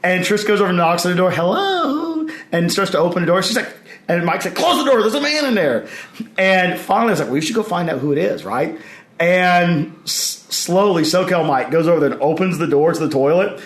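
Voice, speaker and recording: A man, a podcast guest, telling stories in a casual, animated way and acting out the voices he quotes. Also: high voice, quick pace. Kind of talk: casual storytelling. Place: convention hall. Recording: echoey convention hall.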